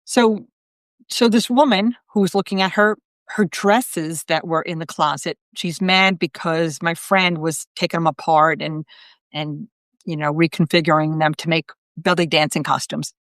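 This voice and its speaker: Chatty woman, low dry voice. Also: steady tone, measured pace, no room sound. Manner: chatty, retells conversations with quoted voices, many fillers. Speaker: psychic medium, host of a live video. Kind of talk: casual storytelling on a live stream.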